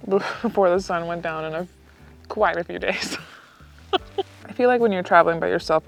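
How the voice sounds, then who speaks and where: A woman's voice: on the low side, unhurried, gravelly, pauses often, faint music behind. A woman vlogging at her campsite while she cooks dinner, chatting in an upbeat way and laughing often as she acts out little exchanges with people she met. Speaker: motorcycle travel vlogger. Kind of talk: casual chatty vlog narration. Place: outdoor campsite, cooking.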